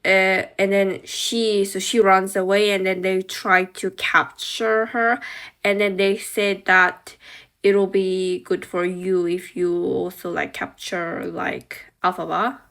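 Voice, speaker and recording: A woman's voice: mid-range voice, flat delivery, slow, a bit bright. A woman casually narrating a toy play-through, rambling with many fillers and restarts. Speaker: toy reviewer.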